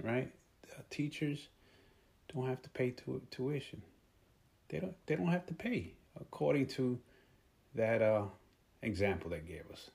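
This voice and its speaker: A man preaching a sermon in a halting way, often repeating his words and chuckling at himself. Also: mid-range voice, creaky, darkish tone.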